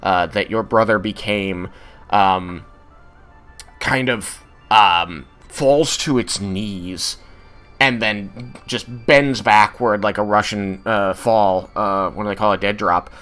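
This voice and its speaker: A man's voice: on the low side, steady tone, slow, a bit bright, soft background music. A man narrating a tabletop game as game master, with many hesitant fillers.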